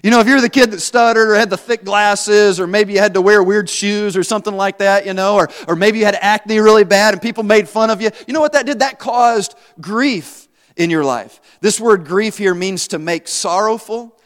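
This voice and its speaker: A male pastor with a high, fairly bright voice delivers a conversational sermon in church at a moderate pace. He asks the congregation questions and jokes at his own expense. The church hall gives the recording a long reverb.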